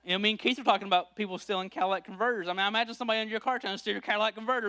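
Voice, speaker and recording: Animated high-voiced male preacher. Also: racing, few pauses, smooth. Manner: animated storytelling, acts out quoted voices. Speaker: pastor. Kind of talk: sermon.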